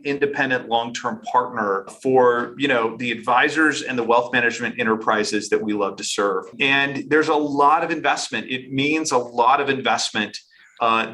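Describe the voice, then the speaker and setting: A middle-aged man, a company CEO, talking fast and animatedly in a casual business interview, often restarting his sentences. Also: mid-range voice, bright, forceful tone, poor audio. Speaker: company CEO, podcast guest.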